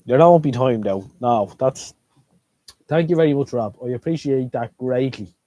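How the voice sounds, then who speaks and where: A man's voice: medium pitch, moderate pace, mellow. A middle-aged Irish man hosting a live stream and chatting casually, rambling and repeating himself as he goes. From Ireland.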